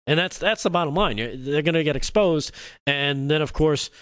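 A man hosting a casual political talk show, talking in halting starts with many restarts. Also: fairly high pitch, a bit bright, dry recording, studio quality.

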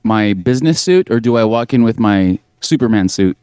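A man's voice: lowish voice, lively intonation, moderate pace, a little mellow, clean tone, dry recording. Playful guy guesting on a podcast, voice bouncing up and down, dry sound. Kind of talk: casual comedy banter.

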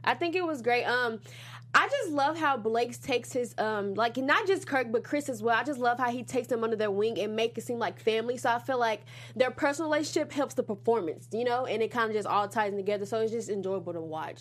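Young woman, fairly high voice, enthusiastic podcast co-host, slangy and gushing. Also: brisk. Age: young adult. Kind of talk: casual review chat.

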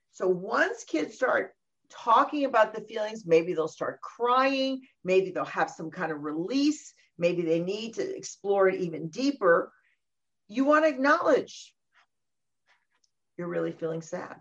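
A middle-aged woman talking about parenting in a casual conversation, animated and often acting out what other people say. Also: fairly high pitch, normal speed. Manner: animated, acts out quoted voices. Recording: dull lo-fi recording.

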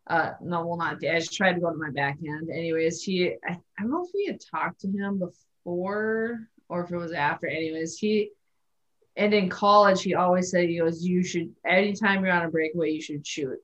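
A woman's voice: lowish voice, normal speed, muffled recording. A woman guest, a former hockey player, telling a story in an easygoing, rambling way. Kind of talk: casual interview storytelling.

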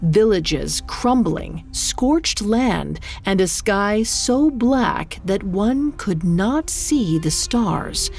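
A woman narrator reading a scripted myth in a measured, dramatic storytelling manner. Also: mid-range voice, lively intonation, vocal fry, a little mellow. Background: faint music.

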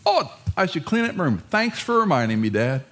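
A man voicing a sarcastic teenage kid who mockingly thanks a parent for a lecture, in a high, exaggerated tone. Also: very animated, brisk, fairly bright tone. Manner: mock-grateful, exaggerated sarcasm.

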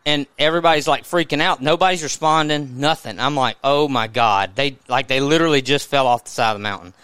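A man with a Southern US accent, a podcast host telling a story in a casual, animated way, often restarting his sentences. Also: mid-range voice, brisk, smooth, no room sound.

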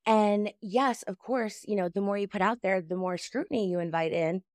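A woman's voice: mid-range voice, moderate pace, darkish tone, dry recording, studio quality. A woman in a casual podcast chat, speaking candidly and emphatically, swearing for emphasis.

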